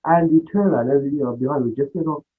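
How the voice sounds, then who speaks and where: Male guest, husky voice, tinny phone-like sound, rambling storyteller who acts out quotes. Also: on the high side, fast. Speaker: podcast guest, music producer. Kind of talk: casual storytelling interview.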